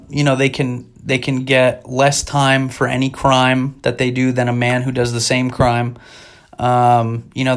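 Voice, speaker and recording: A man hosting a comedy podcast, ranting with profanity and exasperation and shifting into mock-sincere irony, talking from a bathtub. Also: mid-range voice. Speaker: podcast host. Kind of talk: comedic rant.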